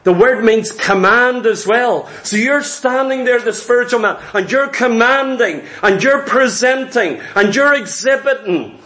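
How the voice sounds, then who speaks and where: A man's voice: sits high, a bit bright. A man preaching a sermon, emphatic and repetitive, quoting scripture.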